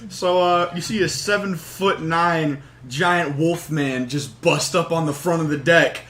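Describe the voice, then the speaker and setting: A young man playing a tabletop game with friends, lively and laughing as he describes what his character does. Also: on the high side, unhurried. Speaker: player. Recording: echoey room with faint noise.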